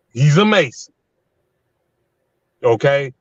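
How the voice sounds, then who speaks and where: Man in his fifties, profane heated storytelling, higher voice, dry muffled lo-fi line. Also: expressive, measured pace, no room sound. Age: 50s. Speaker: panel guest. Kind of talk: casual live panel chat. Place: in a truck on the road. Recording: dull lo-fi line.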